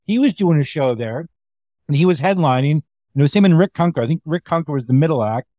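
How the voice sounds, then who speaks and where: Animated, swearing comedian, dry close sound. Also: male voice, a little high, fast talker, dry recording. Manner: animated, swears freely, acts out quoted voices. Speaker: stand-up comedian. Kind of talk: casual storytelling chat. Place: remote call.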